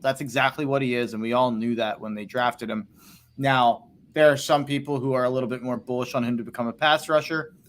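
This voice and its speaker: A man co-hosting a sports podcast, talking football in a rambling way with many restarts and hedges. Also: mid-range voice. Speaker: podcast co-host. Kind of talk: casual sports talk.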